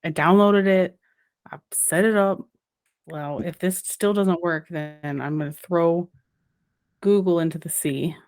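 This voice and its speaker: A woman's voice: fairly low pitch, steady tone, unhurried, darkish tone. A woman co-hosting a casual podcast, talking in a wry, rambling way. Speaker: podcast co-host.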